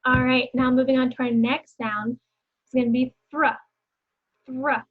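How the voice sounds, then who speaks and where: Young female teacher, slightly high voice, slow phonics delivery, encouraging, muffled home recording. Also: level tone. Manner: slow, clearly sounding out words and letters; encouraging, repeats words for students to echo. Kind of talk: phonics lesson for young children.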